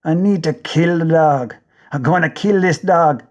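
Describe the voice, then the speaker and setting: A man's voice: a little high, unhurried. A man with a Jamaican accent narrating an audiobook in the first person, intense and rhythmic, with driving repetition.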